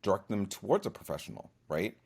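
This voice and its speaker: A man speaking as a therapist on a podcast, measured and encouraging. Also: fairly low pitch, very animated, vocal fry, darkish tone, husky. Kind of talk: podcast discussion.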